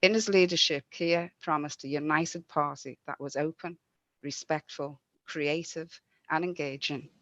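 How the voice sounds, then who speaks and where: A woman's voice: low voice, fairly even intonation, measured pace, a bit bright, no echo. A woman giving an earnest, rallying campaign speech over a video call. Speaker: mayoral candidate. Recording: dry, dull lo-fi sound.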